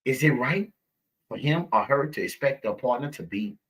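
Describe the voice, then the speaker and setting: Male live-stream host, preachy and repetitive, swooping animated delivery. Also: medium pitch, moderate pace, husky. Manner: preachy, repeats himself, calls viewers baby. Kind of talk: live-stream commentary talking to viewers.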